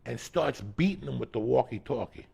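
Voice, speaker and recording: Middle-aged man, gravelly and husky, lively profane storyteller. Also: mid-range voice, moderate pace. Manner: profane, acts out quotes with shifting loud voices. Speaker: storytelling podcast guest. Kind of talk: animated comedic storytelling.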